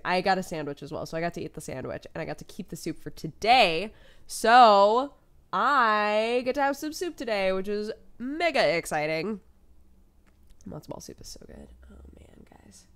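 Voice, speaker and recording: Animated young woman vlogger, lively pitch. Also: moderate pace, smooth. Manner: animated, acts out quoted voices with big pitch jumps and laughs. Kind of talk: casual storytelling to camera.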